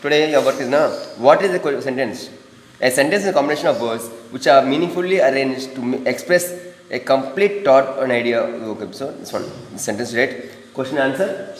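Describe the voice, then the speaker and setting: A man's voice: medium pitch, expressive, a little fast. A man teaching a grammar lesson to students, repeating points and calling them "ma". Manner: repetitive, addresses students as "ma". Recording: echoey room with long reverb.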